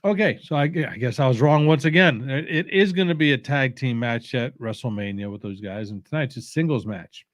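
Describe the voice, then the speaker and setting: A man hosting a watch-along, rambling casually with strong opinions, halting often with fillers and restarts, sounding sleepy. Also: mid-range voice, no room sound, studio quality. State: sleepy, yawning.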